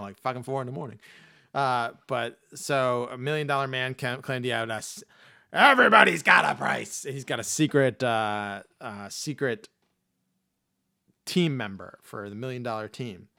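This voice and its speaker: A man co-hosting a podcast chats casually in a medium-pitched voice with fairly even intonation at normal speed, recorded dry at studio quality. He rambles and swears freely, slipping into loud mock Boston voices.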